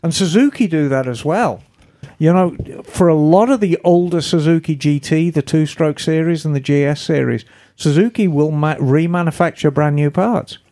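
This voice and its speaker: A chatty woman co-host talks in a loose, easygoing way. She reads listener emails aloud in a relaxed, conversational tone and drops the odd casual swear word. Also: sits low, normal speed. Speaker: podcast co-host.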